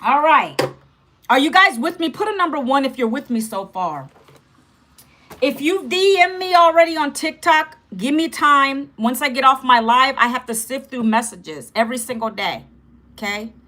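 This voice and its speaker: A livestream host from the United States, a woman in her fifties, talks casually and directly to her viewers in a high, animated, sharp-toned voice at a moderate pace. She's chatty and keeps checking in with "okay" and "guys."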